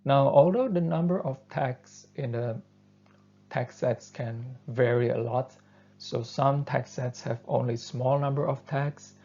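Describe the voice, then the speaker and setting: A man who is not a native English speaker, giving a university lecture and explaining step by step, often pausing on fillers. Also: medium pitch, creaky. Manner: thoughtful, steady explaining with frequent fillers. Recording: dull lo-fi lecture recording.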